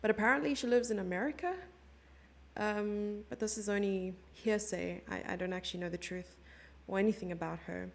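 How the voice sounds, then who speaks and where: A woman's voice: mid-range voice, steady tone, fairly quick, gravelly. A young South African woman commentating a chess stream live and chatting with her viewers in a giggly, casual way. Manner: chatty, giggly, reads chat messages aloud.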